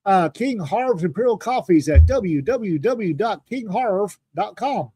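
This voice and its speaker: Grumpy, sarcastic high-voiced man. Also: animated, unhurried, dark tone, a little hiss or hum. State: tired from lack of sleep. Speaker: podcast co-host. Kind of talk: casual livestream chat.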